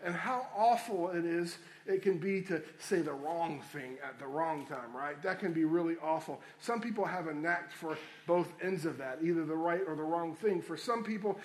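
A man's voice: a little high, normal speed, hardly any pauses. A man preaching a sermon, addressing listeners as friends and repeating key phrases for emphasis. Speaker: pastor.

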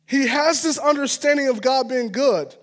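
A man with a strikingly high voice delivers a relaxed, conversational sermon. He talks like a pastor chatting with his congregation, earnest and personal, often pausing to check in with a quick aside. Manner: casual and earnest, with frequent "all right?" asides.

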